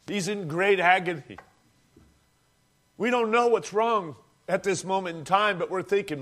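A man's voice: high voice, unhurried, pauses often, fairly bright tone. A man preaching a sermon, telling a story dramatically and calling the congregation friends.

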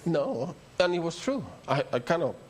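A man's voice: on the high side, sing-song, normal speed, slight background noise. An older man with a Spanish accent, a native Spanish speaker, preaching a rambling, story-filled sermon that builds to emphatic peaks. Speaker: pastor.

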